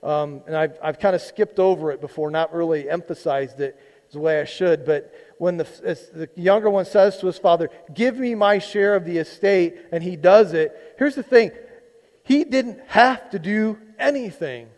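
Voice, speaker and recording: Guy pastor with a high voice doing a chatty sermon, teasing the crowd, big echoey church sound. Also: normal speed, darkish tone. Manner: conversational preaching, teasing the congregation. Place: church sanctuary.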